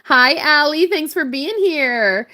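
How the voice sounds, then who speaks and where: A woman's voice: high-pitched, animated, slow, pushed and bright. A young woman hosting a crafting livestream, chatting casually and giggling as she greets viewers by name. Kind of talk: casual live-stream chat.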